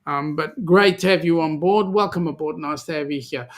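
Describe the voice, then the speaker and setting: A man's voice: on the high side, moderate pace, a bit bright. An Australian man hosting a live chat show, reading out viewer comments and joking around with many ums. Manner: chatty, jokey, many ums. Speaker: host.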